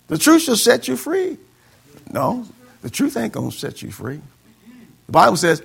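A man's voice: high voice, sing-song, brisk, creaky, husky. A male pastor preaching a sermon, quoting scripture and calling for amens from the congregation. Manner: call-and-response preaching, quoting scripture, mocking excuses in voices.

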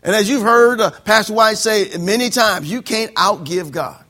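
A man preaching a sermon, acting out quoted voices and swinging from soft, quick asides to shouted lines. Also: high-pitched. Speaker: pastor.

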